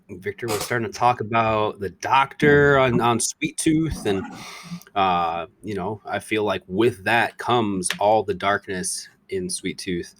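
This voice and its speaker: A man's voice: fairly low pitch, a little slow, fairly bright tone. A man hosting a casual podcast, talking loosely and rambling with easy laughs. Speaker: podcast host.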